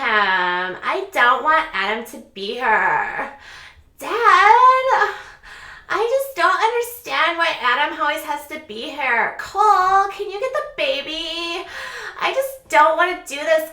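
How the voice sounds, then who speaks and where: A woman's voice: very animated, takes it slowly, bright, forceful tone, echoey room, full character voice. A woman putting on the voice of a whiny, petulant young woman who complains constantly. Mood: whining. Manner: whining, shrill.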